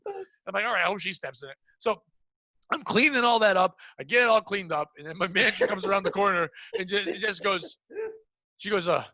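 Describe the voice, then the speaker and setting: A young adult man, a podcast co-host, telling a crude comedic story, animated and acting out the people in it. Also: high-pitched, fast talker. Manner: crude, animated, acts out voices in anecdotes.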